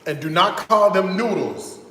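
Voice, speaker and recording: A man hosting a live cooking stream in a slightly high voice, unhurried and theatrical. He talks straight to his viewers and breaks into dramatic exclamations and groans. The sound is roomy and echoing, with faint noise underneath. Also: bright, forceful tone. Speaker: cooking show host.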